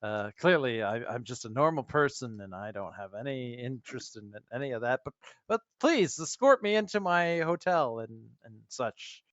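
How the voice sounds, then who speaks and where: A man's voice: medium pitch, animated, moderate pace, a bit bright, dry recording, highs cut off. A man playing a tabletop role-playing game, blustering pompously in character. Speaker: player.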